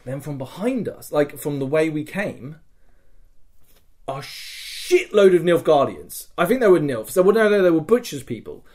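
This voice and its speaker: A man's voice: on the high side, normal speed. A man co-hosting a podcast, telling a story in casual chat with lots of swearing and fillers. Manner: excitable, profane, lots of fillers. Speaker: podcast co-host.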